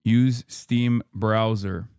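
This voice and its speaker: A man's voice: fairly low pitch, steady tone, very slow, a little mellow, clean tone. A man hosting a live stream, frustrated and swearing as he troubleshoots his setup aloud to viewers. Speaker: livestream host.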